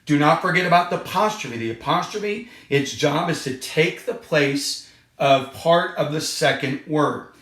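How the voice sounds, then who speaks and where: A man's voice: on the high side, unhurried, fairly bright tone. A male third grade teacher giving an online lesson to children and parents, patiently repeating points and stressing key words. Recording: echoey room.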